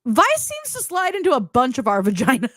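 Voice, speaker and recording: A woman's voice: sits high, huge pitch swings, a little fast, over a noisy crowd. A woman hosting a podcast, joking crudely and giggling in casual chat. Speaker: host.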